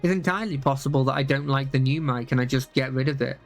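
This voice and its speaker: A man's voice: mid-range voice, quick pace, soft background music. A young man chatting casually on a live stream, rambling with many fillers and restarts.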